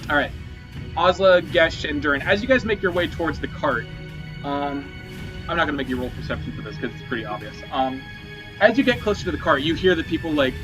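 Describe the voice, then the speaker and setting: A man's voice: medium pitch, pushed and bright, low-quality recording. A man narrating as game master of a tabletop game, describing scenes loosely with many fillers and restarts.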